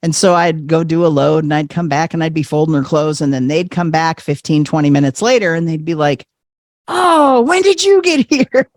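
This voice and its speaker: A man's voice: a little high, fairly quick, few pauses, no echo. A middle-aged man telling a personal story with lots of laughter, acting out the voices of the people he quotes. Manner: animated, laughing, acts out quotes.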